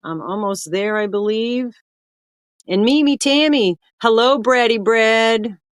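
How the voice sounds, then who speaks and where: A woman's voice: a little high, slow, clean tone, dry recording, studio quality. An older woman, hosting a casual livestream and chattily greeting viewers one by one by name. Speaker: livestream host.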